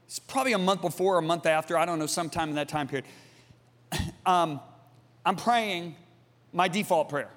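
Male preacher with a high voice and an impassioned, storytelling delivery, recorded in a large echoing hall. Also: moderate pace, long pauses, fairly bright tone. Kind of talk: sermon. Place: church hall with congregation. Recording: long reverb of a large hall.

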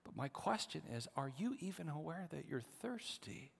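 Pastor preaching in a reverberant hall. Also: male voice, a little high, normal speed, vocal fry, breathy edge. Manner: shifts from hushed prayerful whispers to animated storytelling. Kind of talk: sermon.

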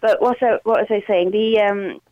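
A woman's voice: mid-range voice, steady tone, moderate pace, no echo. A Welsh woman in her thirties calls into a radio show and earnestly argues her case with examples. Her voice sits in a middle range and comes through dry and a little muffled, as if over a lo-fi line. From Wales. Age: 30s. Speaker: caller. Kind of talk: radio phone-in discussion.

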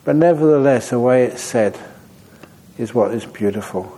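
Mellow monk telling humorous stories. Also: male voice, mid-range voice, lively intonation, husky, poor audio. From Australia. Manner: humorous, anecdotal, unhurried. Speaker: Buddhist monk answering audience questions. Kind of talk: dharma talk, question and answer.

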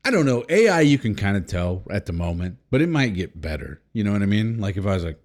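A man with a lowish voice hosts a casual podcast, reading headlines and joking crudely at a quick pace with hardly any pauses. His pitch swings widely, and he veers between loud and mumbled.

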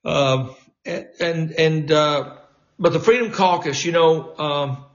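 A sixty-year-old man holds forth as a talk radio host in an animated political monologue, his voice sitting a little high. He rambles, stacking fillers and false starts as he goes. The sound is dull and lo-fi. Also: takes it slowly. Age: 60s.

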